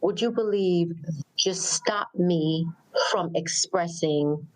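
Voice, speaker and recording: Low-voiced woman telling personal stories. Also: slow pace, poor audio. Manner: reflective, storytelling, repeats words for emphasis. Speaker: podcast co-host. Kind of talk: casual podcast conversation.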